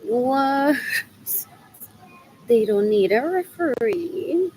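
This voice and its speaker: A woman's voice: medium pitch, takes it slowly, a little hiss or hum, low-quality recording. A woman chatting on a livestream, rambling and repeating herself as she thinks aloud.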